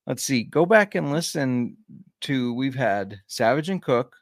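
A man's voice: medium pitch, lively intonation, unhurried, no room sound. Dry-sounding easygoing male podcast host. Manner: joking, easygoing, reads notes aloud. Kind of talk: casual podcast chat.

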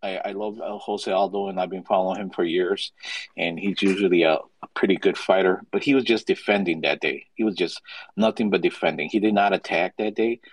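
Stumbling male caller, low dry voice. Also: steady tone, fairly quick, no echo, poor audio. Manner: hesitant, stumbling, aggrieved. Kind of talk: casual chat.

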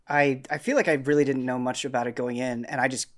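A man's voice: medium pitch, steady tone, fast. A man co-hosting a podcast, chatting casually in an easygoing way. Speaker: podcast co-host. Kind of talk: casual chat.

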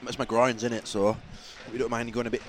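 A man's voice: medium pitch, level tone, fast. A man with a Yorkshire accent co-hosting a podcast, playful and joking, dropping mock commentary lines. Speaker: podcast co-host. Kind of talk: casual banter.

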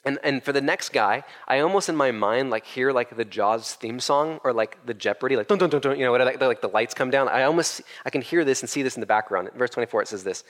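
A male pastor giving a conversational, animated sermon, acting out the verses he quotes. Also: mid-range voice, quick pace. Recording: echoey hall.

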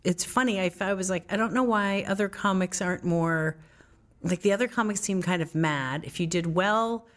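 A woman's voice: mid-range voice, normal speed. A middle-aged woman telling stories in an interview, acting out the voices of people she quotes. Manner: lively storyteller who acts out quoted voices. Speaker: actress and comedian as guest. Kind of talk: candid interview storytelling.

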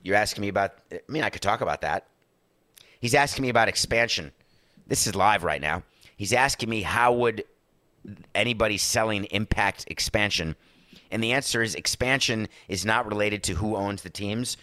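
A man's voice: on the low side, moderate pace, sharp tone, dry recording, studio quality. A male podcast host giving sarcastic sports business commentary, often acting out the people he quotes.

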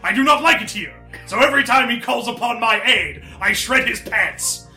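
A man puts on a hulking, proud demon from a tabletop game who declaims in loud, theatrical bursts. His voice is high and very bright, ringing in a roomy space. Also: animated, moderate pace, faint music behind, full character voice. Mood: indignant. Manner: booming, theatrical, shouting. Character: hulking proud male demon bound to a child.

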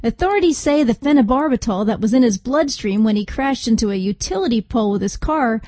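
A woman reporter reading a short news item with wry, deadpan asides. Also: fairly high pitch, fairly quick, dry recording. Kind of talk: read news segment.

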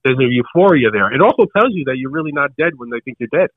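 Fast-talking older man telling a story. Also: mid-range voice, husky, no room sound, phone-quality sound. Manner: animated, acts out the other people in his story. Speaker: podcast co-host telling a story. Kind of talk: casual storytelling.

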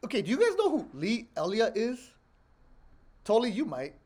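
A brash man co-hosts a casual podcast, joking around and swearing freely. His voice sits fairly high for a man. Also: huge pitch swings, moderate pace, darkish tone. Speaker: podcast co-host. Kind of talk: casual chat.

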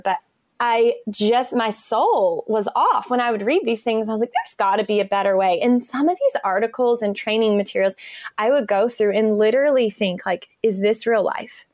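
A woman's voice: medium pitch, a little mellow, no echo. Woman guest, bubbly and chatty, laughs a lot, dry close mic. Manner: enthusiastic, chatty, laughs often. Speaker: interview guest. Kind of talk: conversational interview.

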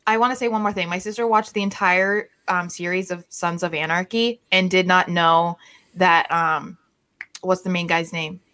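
A woman co-hosting a casual sports podcast over a video call, chatty and quick to laugh. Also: lowish voice, steady tone, fairly bright tone, no echo. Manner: giggly, chatty. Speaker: podcast co-host.

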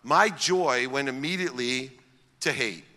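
A man's voice: medium pitch, unhurried, sharp tone, long reverb tail. A middle-aged man from Ohio telling a personal story as a public speaker, emphatic and building his points in repeated lists. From Akron, Ohio, US.

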